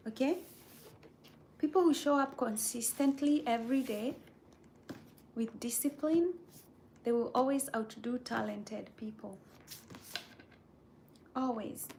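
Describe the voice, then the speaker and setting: A woman hosting her channel in a casual motivational chat, reading viewer comments and often checking in with "right?" in a soft, breathy near-whisper. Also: on the high side, slight background noise. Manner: earnest, repeats "right?" and "okay?" to check in with viewers. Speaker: channel host.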